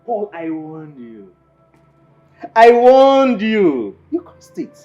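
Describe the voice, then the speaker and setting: A scornful Nigerian friend in a film drama. His voice is mellow and swings widely in pitch. The sound is dull, with faint music under it. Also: big pitch swings, extremely slow, full character voice. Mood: scolding. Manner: laughing scorn turning to stern lecture. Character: blunt male friend, mocking then scolding. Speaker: Paul's friend.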